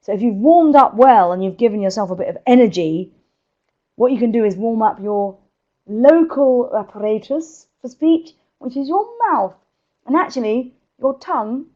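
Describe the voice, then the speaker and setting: An energetic woman speaker, giving presentation tips in a live webinar and laughing often. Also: fairly high pitch, dull audio.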